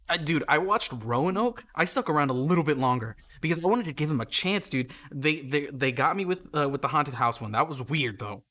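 A man's voice: on the high side, a bit bright. A young adult man hosting a podcast in a rambling, sarcastic comedic rant with many restarts. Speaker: podcast host.

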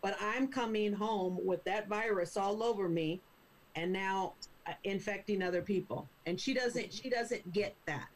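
A woman's voice: mid-range voice, measured pace, low-quality recording. A woman in a casual group discussion, speaking indignantly and at times mocking others in quoted voices.

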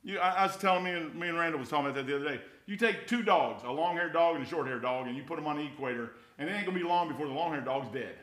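Man, informal sermon, folksy, bright tone. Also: on the high side, very fast, hardly any pauses. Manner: folksy, conversational, swings from loud to quiet. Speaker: preacher.

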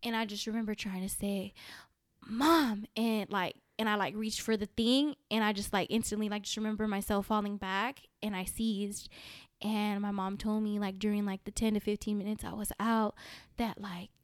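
A woman's voice: mid-range voice, flat delivery, normal speed, smooth, no echo, studio quality. A young woman, a podcast guest, telling a personal story with emotion and lots of fillers. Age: young adult. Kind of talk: casual chat.

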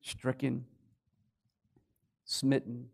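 A man preaching a sermon, swinging between loud declarations and hushed, quiet lines. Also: mid-range voice, completely flat delivery, very slow, gravelly. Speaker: pastor.

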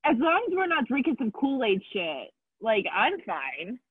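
A young woman co-hosting a casual podcast chat, giggly and quick to laugh. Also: a little high, huge pitch swings, slightly rough, no room sound. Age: young adult. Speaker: podcast co-host. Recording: tinny dry phone-like line.

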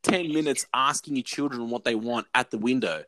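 A man's voice: medium pitch, a little fast, sharp tone, no echo. A young man in casual chat, ranting loosely, swearing and filling his talk with "like".

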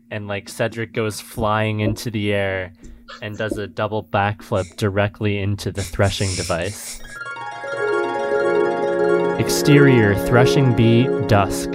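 A man chatting and reading stage directions aloud in a plain, matter-of-fact way. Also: on the low side. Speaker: comedy writer and script reader.

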